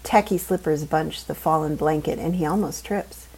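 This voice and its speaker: Woman reading a funny novel aloud, deadpan and wry, husky kinda dark voice. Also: deep voice, normal speed, rough recording. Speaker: audiobook narrator. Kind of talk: first-person scripted narration.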